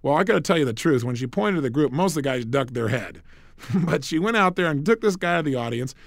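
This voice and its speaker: Middle-aged male motivational speaker, punchy and emphatic, animated pitch, dry recording. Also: fast, dry recording. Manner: emphatic, punchy coaching delivery.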